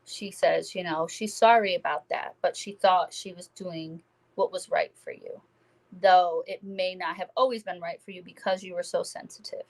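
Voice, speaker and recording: Gentle woman medium giving reassuring readings. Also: on the low side, steady tone, moderate pace, gravelly, rough recording. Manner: gentle, reassuring, addresses viewers by name. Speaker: psychic medium. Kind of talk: live-stream spirit reading.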